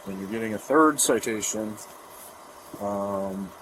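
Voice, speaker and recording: A man working as a police officer, calmly and plainly explaining tickets and a court date to a driver at the roadside. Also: fairly low pitch, slow pace. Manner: matter-of-fact, businesslike. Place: roadside outdoors. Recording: noisy outdoor body camera audio.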